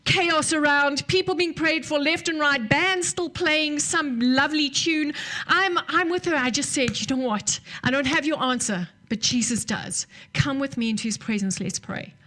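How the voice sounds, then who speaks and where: A woman preaching a sermon, telling a story and dropping to soft near-whispers at tender moments. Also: sits high, moderate pace, hardly any pauses.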